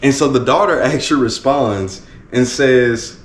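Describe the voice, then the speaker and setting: A man's voice: medium pitch, unhurried. A man working as a motivational speaker, telling a story in an earnest, repetitive way with many restarts. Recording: roomy echo with faint ambience.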